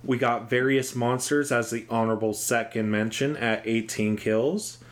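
Guy cohosting a horror podcast, calm and measured, keeps the segments moving. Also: medium pitch. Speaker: podcast co-host. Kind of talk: casual chat.

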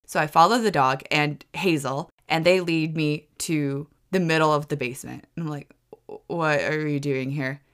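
A woman with a low-pitched voice tells a story on her own podcast. Her delivery is rambling and a little chaotic, with stumbles and restarts, and she leaps up in pitch whenever she acts out what she said. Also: fairly even intonation, normal speed. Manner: swoops high for quoted exclamations. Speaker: podcast host. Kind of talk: casual storytelling.

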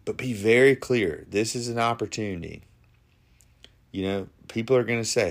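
A man's voice: on the low side, normal speed. A man hosting a faith-based talk on grief, speaking earnestly and conversationally, often restarting his sentences. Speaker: podcast host.

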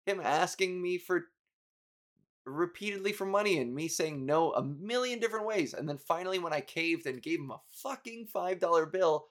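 A young man with a slightly high voice talks through a personal story on his podcast. He rambles, swears freely and mocks himself, flaring up now and then in exasperation. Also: animated, moderate pace. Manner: rambling, profane, self-mocking storytelling with bursts of exasperation. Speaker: podcast host. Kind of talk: casual podcast monologue.

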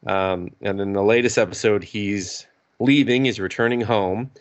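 A man with a fairly low voice talks through an anime plot in a loose, rambling podcast chat. He piles on fillers and casual swearing. The sound is close and dry. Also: normal speed, no room sound. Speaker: podcast co-host.

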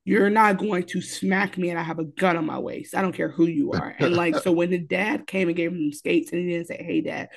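A woman co-hosting a casual podcast recap of a TV episode, animated and profane, acting out what the characters say. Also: fairly low pitch, a little fast, vocal fry, hardly any pauses. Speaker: podcast co-host.

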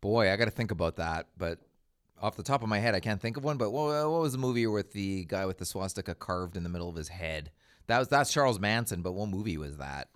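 A man's voice: on the low side, lively intonation, fast talker, clear, resonant tone. A man co-hosting a casual movie chat, making wry joking asides. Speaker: podcast co-host.

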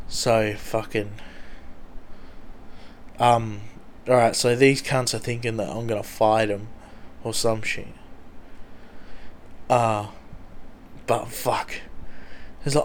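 A young Australian man telling a rambling, swear-heavy story from his school days in a casual way. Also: medium pitch.

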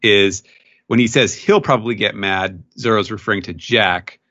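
A man with a low but bright, forceful voice works through an unclear passage, thinking aloud and explaining carefully. The recording is dry and a bit dull. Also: normal speed, no echo. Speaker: manga translator guest. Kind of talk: casual discussion.

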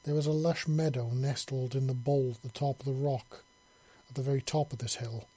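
A man narrating an audiobook story in a steady storytelling manner. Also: mid-range voice, a little fast, slightly rough.

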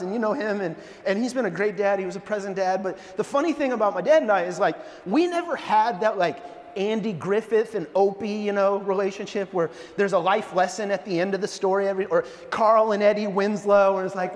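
A man preaching a sermon, telling a story with lots of acted-out voices and frequent restarts. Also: high voice. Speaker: pastor. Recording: long reverb in a large hall.

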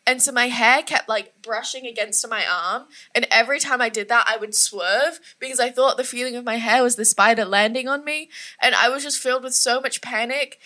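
A young woman co-hosting a podcast, telling stories in a dramatic, animated way with frequent laughter. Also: a little high. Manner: animated, dramatic storyteller who laughs a lot. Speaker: podcast co-host. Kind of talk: casual chat.

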